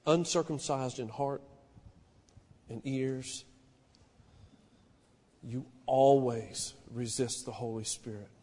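A man preaching a sermon in a small church, impassioned, swinging from hushed to loud. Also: medium pitch, steady tone, slow, long pauses, long reverb tail. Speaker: pastor.

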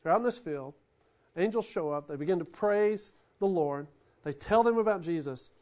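High-voiced preaching man. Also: moderate pace. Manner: animated preaching, swings from loud bursts to hushed lines. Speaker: pastor. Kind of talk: sermon.

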